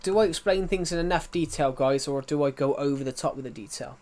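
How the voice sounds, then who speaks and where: A man's voice: fairly high pitch, a little fast, a little mellow. A man, chatting casually to viewers on a live game stream, rambling and often restarting his sentences.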